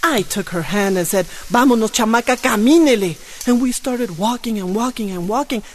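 A woman telling a first-person tale with strong expression, moving from hushed to loud with drawn-out repetitions. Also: medium pitch. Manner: drawn-out repetitions and soft exclamations. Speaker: storyteller. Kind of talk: dramatic first-person storytelling.

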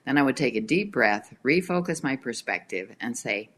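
Animated middle-aged woman telling stories. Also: rumbling low, moderate pace. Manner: animated storyteller, reads aloud from her book. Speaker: guest author. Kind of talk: casual chat.

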